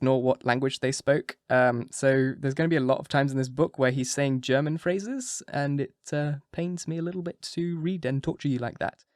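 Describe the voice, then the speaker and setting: A man hosting and narrating an audiobook, with a relaxed, joking intro and then a steady, clear reading. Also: mid-range voice, no echo, studio quality. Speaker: audiobook narrator and channel host.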